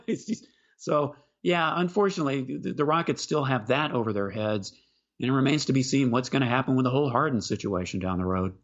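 A man co-hosting a sports podcast, talking basketball in a casual, halting way and often repeating words as he starts a sentence. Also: medium pitch, expressive, highs cut off.

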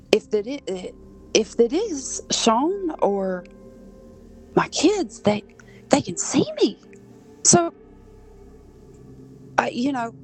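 A woman's voice: medium pitch, a little mellow. A woman from Southern Georgia, a podcast guest earnestly telling a personal story and acting out voices she overheard. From Southern Georgia, USA.

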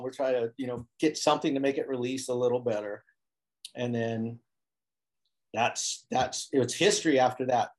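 A man telling stories in a relaxed interview, acting out other people's lines as he goes. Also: mid-range voice. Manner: animated storyteller who acts out quotes. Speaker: guest, foil board maker. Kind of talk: casual storytelling interview. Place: Hawaii.

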